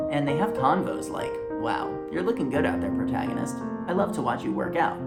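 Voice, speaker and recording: A man hosting a comedy video, giving deadpan, sardonic commentary. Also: mid-range voice.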